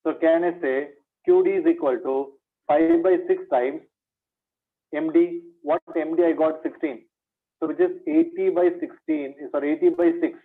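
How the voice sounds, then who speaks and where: A man's voice: on the high side, steady tone, normal speed. A man with an Indian English accent teaching an exam revision lecture, asking questions and answering them himself, calling students "my dear". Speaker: maths teacher. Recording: tinny phone-like online lecture audio.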